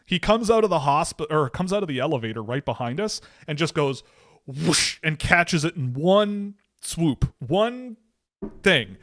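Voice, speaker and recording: A man's voice: a little high, expressive, a little slow, a bit bright, dry recording, studio quality. A young man co-hosting a casual hockey chat show, rambling through anecdotes and often cutting himself off mid-sentence. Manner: rambling, storytelling, self-interrupting. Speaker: podcast co-host.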